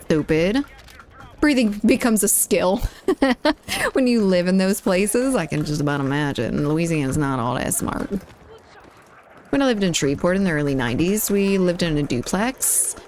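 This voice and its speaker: A woman's voice: fairly low pitch, expressive, moderate pace, darkish tone, a little hiss or hum. A woman streaming a shooter game, chatting casually and rambling while breaking off to react to the gameplay and to her chat.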